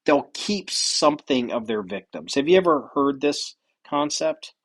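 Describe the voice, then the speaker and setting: Brief: male podcast host, slightly high voice, rambling and profane, casual chat. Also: wildly swooping pitch, unhurried, creaky, fairly bright tone.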